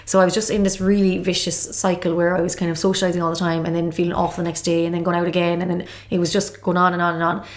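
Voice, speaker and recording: A woman's voice: lowish voice, level tone, racing, few pauses. A woman in her thirties from Galway with an Irish accent, openly telling her own story as a podcast guest in a reflective way. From Galway, Ireland. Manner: reflective, open, lots of "like" and "kind of". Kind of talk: candid personal storytelling.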